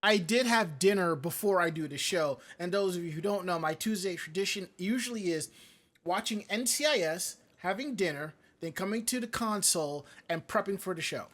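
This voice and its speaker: Speaking at an ordinary speed, a man with a markedly high, slightly bright voice co-hosts a live-streamed podcast in easy, casual talk. His rambling drifts between digressions, broken up by him reading viewers' chat messages out loud.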